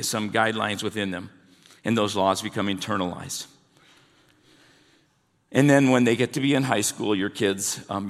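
A man's voice: mid-range voice, a bit bright. Man preaching a conversational sermon in a hall. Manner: conversational, asks the congregation questions. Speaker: pastor. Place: church hall. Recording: long hall reverb.

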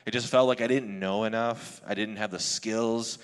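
A man's voice: on the low side, fairly even intonation, normal speed, clear, resonant tone. A male pastor giving a sermon in a candid, conversational way, often restarting his sentences. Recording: long hall reverb.

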